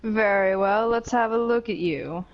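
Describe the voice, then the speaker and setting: A woman's voice: medium pitch, measured pace, highs cut off, pitched above the performer's own voice, natural voice. A woman voicing a stern, aloof cat-folk tribe leader from a video game, with a haughty, dry delivery.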